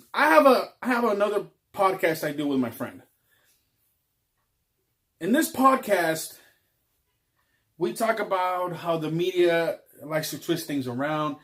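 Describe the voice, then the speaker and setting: A man vlogging in a casual ranting monologue, rambling with frequent ums. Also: a little high.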